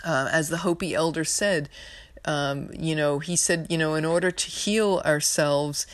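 A New York woman with a low, unhurried voice hosts an astrology podcast, recorded clean in a studio with no room sound. Her casual spiritual monologue rambles, full of fillers, earnest and emotional.

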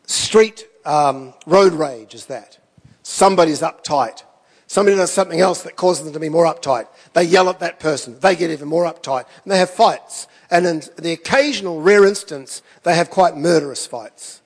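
A man's voice: high-pitched, long reverb tail. A man preaching a sermon, telling stories in a conversational way with self-deprecating asides. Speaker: pastor.

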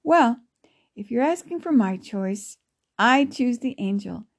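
A woman voicing a kindly grandmother who talks in a gentle, encouraging way. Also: on the high side, expressive, slow, exaggerated voice. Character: kindly, warm-hearted grandmother.

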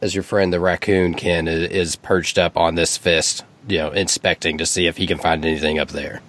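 A male game master narrates a tabletop game in a low voice. He rambles and stops to correct himself mid-sentence. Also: flat delivery, moderate pace, fairly bright tone, slight background noise.

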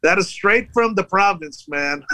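A man in his fifties, born in the Philippines and raised near San Francisco, chatting as a comedian guest in a relaxed, slangy way with frequent chuckles. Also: sits high, measured pace, dry recording, low-quality recording. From Philippines, raised in South San Francisco. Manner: laid-back, chuckling, slangy. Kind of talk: casual interview chat.

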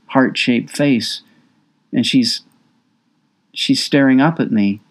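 Man narrating a raw, confessional memoir. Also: medium pitch. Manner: confessional, intimate, emotionally raw. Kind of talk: audiobook narration.

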